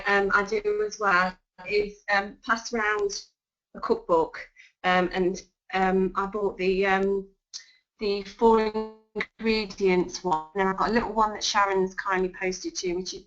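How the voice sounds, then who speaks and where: A woman gives sales tips in a webinar over a video call, chatty and full of ums and restarts. Her voice is mid-range with a fairly bright tone, and the web call audio is dull and lo-fi.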